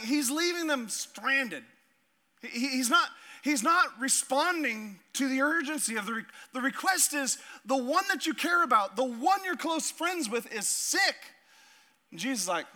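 Animated bright-voiced male preacher. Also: very high voice, moderate pace. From Alaska. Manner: animated, laughing storyteller acting out voices. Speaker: pastor. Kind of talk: sermon.

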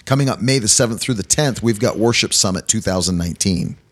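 Male podcast host, deep-ish voice, upbeat and chatty in a studio. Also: quick pace. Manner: upbeat, energetic, chatty with fillers. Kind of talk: casual interview chat. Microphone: studio mic.

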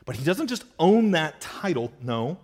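Male pastor, fairly high voice, emphatic sermon delivery that drops to a hush, long hall reverb. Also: big pitch swings, measured pace. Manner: emphatic, repetitive, rhetorical questions, swings between loud and hushed. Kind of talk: expository sermon.

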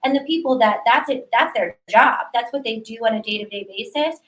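A woman's voice: on the high side, fairly quick, a bit bright, roomy sound, low-quality recording. A woman guest in a casual business talk, explaining her points confidently. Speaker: guest, digital transformation consultant.

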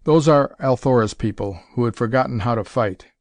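Man reading a grim, steady hero flyer. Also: mid-range voice, normal speed, no room sound, close to an everyday voice. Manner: grim, quiet delivery.

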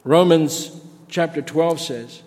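A man's voice: on the high side, slow, darkish tone. A man preaching a sermon, earnest, building his points through repeated phrases. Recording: long hall reverb.

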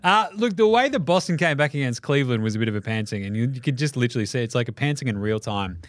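An Australian man hosts a sports chat show, his pitch swinging widely as he jokes and swears through the rundown. The sound is close and dry, with no room around him. His delivery is loose and animated, full of laughs and acted-out quotes. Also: quick pace, dry recording. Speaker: podcast host.

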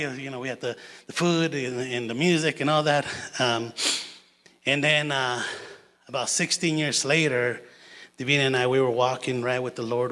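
Speaking as a guest preacher in a church sanctuary, a middle-aged man tells personal stories in a casual, chatty way. His voice is medium in pitch and a bit bright, and a long church-hall reverb trails after his words.

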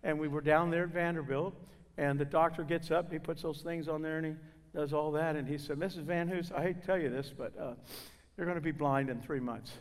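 In a large church hall with long, ringing reverb, a guest preacher gives his testimony at a slightly quick pace and in a steady tone. His voice is a bit higher than the typical man's, and he tells the story with feeling, taking on the voices of those he quotes.

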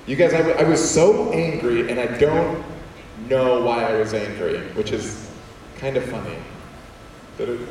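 A man, a comedian and former teacher, telling humorous stories to an audience in an animated, self-deprecating way and acting out quotes. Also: mid-range voice, a little hiss or hum. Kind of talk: humorous storytelling talk to an audience. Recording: echoey hall heard from far off.

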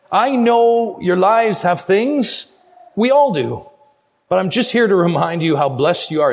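A middle-aged man preaching a sermon as a guest pastor, earnest and urging, slowing down hard on key phrases. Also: a little high, darkish tone, slightly rough. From Canada.

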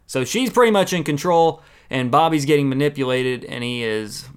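A man's voice: medium pitch, normal speed, clear, resonant tone. A man giving a casual, opinionated recap of a wrestling show, with exasperated asides.

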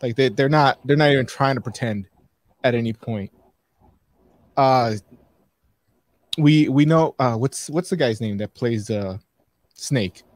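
A man's voice: mid-range voice, unhurried, pauses often, no echo. A man co-hosting a casual podcast, reviewing a film in a rambling way with many fillers and restarts.

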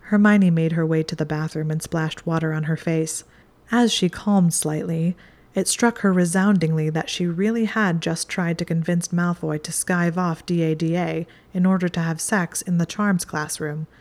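A woman reading a chapter of fan fiction aloud in a calm, steady narration. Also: lowish voice, moderate pace. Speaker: audiobook reader. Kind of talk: scripted narration.

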